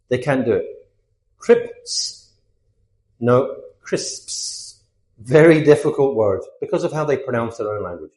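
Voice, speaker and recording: A British man teaching English, explaining word differences with lively, sing-song emphasis. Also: mid-range voice, reverberant. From Britain. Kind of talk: scripted lesson to camera.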